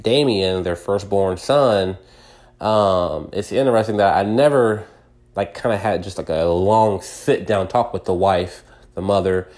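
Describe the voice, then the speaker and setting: A man with a fairly low voice tells a personal story as a podcast host. He rambles and restarts often, leaning on fillers. He slips into acted-out lines of dialogue as he goes. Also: measured pace, a little mellow.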